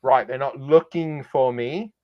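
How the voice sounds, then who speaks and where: This podcast co-host is a man with a mid-range voice who speaks a little slowly. He rambles through a casual, comedic news chat, sarcastic and heavy on fillers, captured with dull lo-fi sound.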